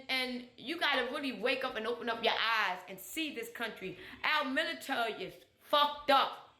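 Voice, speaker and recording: A woman's voice: sits high, sharp tone. A woman ranting bluntly and profanely in a monologue, exasperated and blunt. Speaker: vlogger. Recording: echoey room.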